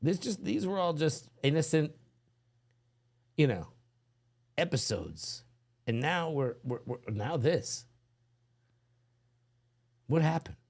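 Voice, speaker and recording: A man's voice: fairly high pitch, expressive, slow pace, long pauses, darkish tone. A man hosting a podcast, reacting to a video with crude, exasperated commentary. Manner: profane, exasperated, laughing. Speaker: podcast host.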